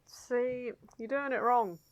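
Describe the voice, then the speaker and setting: Wry teasing woman, higher voice. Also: steady tone, slow, no echo. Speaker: podcast co-host. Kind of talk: casual chat.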